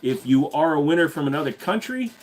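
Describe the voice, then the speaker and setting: A man chats on his livestream in a blunt, profane way, swearing freely as he answers viewers. His voice sits a little high for a man. It sounds tired and is starting to go hoarse. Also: lively intonation, a little fast. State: voice tiring, going hoarse. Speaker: livestream host. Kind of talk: casual livestream chat.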